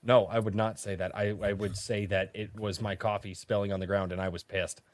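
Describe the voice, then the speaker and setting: A man's voice: lowish voice, level tone, a little fast, dry recording. A man hosting a casual livestream chat, rambling with frequent restarts and casual swearing. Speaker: podcast host.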